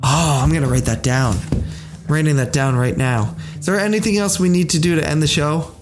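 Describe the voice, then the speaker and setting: A man's voice: on the high side, a little fast, over music. A man in his thirties hosting a podcast, ranting in a rambling, exasperated, profane way. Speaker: podcast host. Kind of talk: casual chat.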